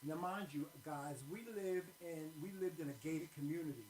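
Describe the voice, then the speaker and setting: A man's voice: a little high, normal speed, slight background noise. A man co-hosting a show, telling a story casually and dramatically. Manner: dramatic, expressive. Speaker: co-host. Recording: echoey room, away from mic.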